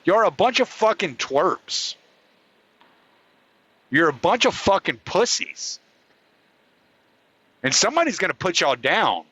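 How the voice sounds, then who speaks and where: A man's voice: sits high, very animated, takes it slowly, long pauses, pushed and bright, breathy edge, low-quality recording. A man hosting his own show, delivering an angry, profane rant. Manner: furious, profane, heated ranting. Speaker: podcast host. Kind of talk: angry ranting monologue.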